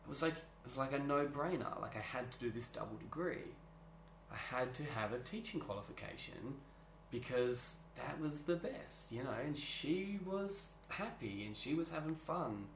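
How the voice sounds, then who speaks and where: Animated man in a roomy space. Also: mid-range voice, normal speed, a little hiss or hum. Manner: animated storyteller, laughs often, restarts sentences. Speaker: interview guest, drama teacher. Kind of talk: casual interview chat. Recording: roomy echo.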